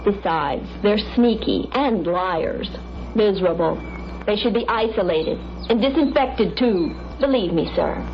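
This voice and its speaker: A woman's voice: mid-range voice, animated, a little slow, close to an everyday voice. A sneering, self-righteous social worker from an old educational film lectures in clipped, contemptuous tones, played by a woman. The sound is dull and muffled, like a worn film soundtrack, with a faint hiss underneath. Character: scornful bigoted female social worker, middle-aged.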